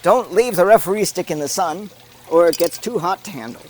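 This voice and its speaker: A man with a high-pitched voice calls a made-up game like a sports commentator, playful and deadpan at once. Faint music sits quietly behind him. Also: fairly quick. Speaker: host and commentator.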